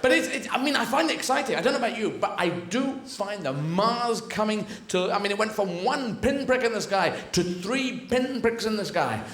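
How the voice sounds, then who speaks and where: A man doing stand-up comedy on a theatre stage, rambling and animated, with frequent swearing. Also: sits high, moderate pace, hardly any pauses. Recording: echoey theatre with audience noise.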